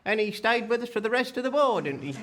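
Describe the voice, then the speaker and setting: A man playing the father in a folk comedy duo, telling a tall tale in a slow, deadpan, matter-of-fact way between songs on stage. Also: extremely high pitch. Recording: noisy live stage recording.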